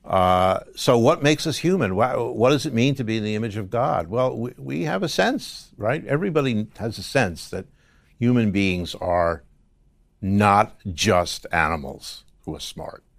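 A man being interviewed, telling a personal story in a reflective, halting way with frequent restarts. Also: on the low side, lively intonation, vocal fry, no echo, clean studio sound. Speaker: guest. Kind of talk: conversational interview.

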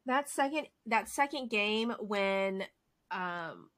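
A podcast co-host with a mid-range voice and a slow pace recaps games on a casual sports show. She's animated and excitable, filling her talk with lots of fillers.

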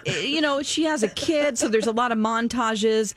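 A woman's voice: fairly high pitch, moderate pace, a loud crowd. A woman in casual chat, sarcastically picking apart a movie and often laughing as she talks. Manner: sarcastic, laughs while ranting. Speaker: podcast co-host reviewing a movie.

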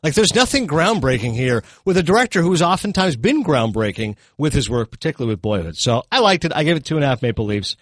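A middle-aged man giving casual, animated film reviews on a talk show, full of quick asides and self-corrections. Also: a little high, no echo.

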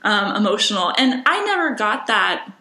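A woman's voice: medium pitch, very animated, normal speed, bright, forceful tone, roomy sound, rough recording. A woman hosting a podcast, chatting casually in a rambling way with lots of fillers. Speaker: podcast host. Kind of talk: casual interview chat.

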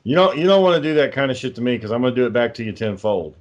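A man's voice: mid-range voice, lively intonation, rapid-fire, lo-fi sound. A man telling dry, profane anecdotes in casual podcast chat. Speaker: co-host.

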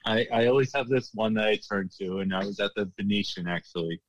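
A man's voice: lowish voice, a little fast, dry recording, poor audio. A man working as a bartender, telling stories casually in an interview, laughing often and restarting his sentences. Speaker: guest, former casino bartender.

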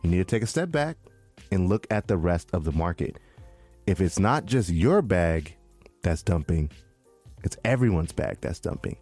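A low-pitched man co-hosting a casual podcast, excitable and full of slang. Faint music plays underneath him. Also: moderate pace. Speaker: podcast co-host. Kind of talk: casual crypto chat.

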